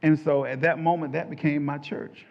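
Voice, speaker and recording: Male testimony preacher, slightly high voice, lively storyteller who acts out the voices, dull lo-fi recording. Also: normal speed, vocal fry. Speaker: church speaker giving testimony.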